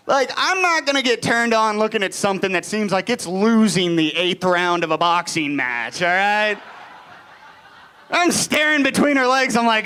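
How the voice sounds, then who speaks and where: Animated and clear, with a resonant tone, this man in his late twenties does a profane live stand-up routine at normal speed. He drops to low mutters, then bursts out shouting each punchline.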